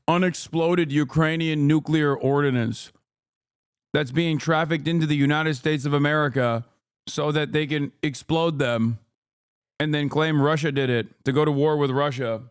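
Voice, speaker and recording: A man's voice: a little high, steady tone, moderate pace, clean tone. A male livestream host giving combative, sarcastic and profane reaction commentary.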